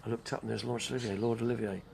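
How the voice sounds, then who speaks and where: Older guy, gravelly voice, rambling live-stream host. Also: mid-range voice, level tone, racing, darkish tone, a little hiss or hum. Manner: chatty, digressive, name-dropping. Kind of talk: rambling casual monologue.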